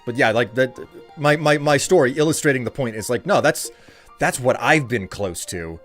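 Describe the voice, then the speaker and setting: A man's voice: mid-range voice, expressive, normal speed, fairly bright tone, faint music behind. A man from the United States chatting casually on a live stream, rambling and ranting as he answers his chat.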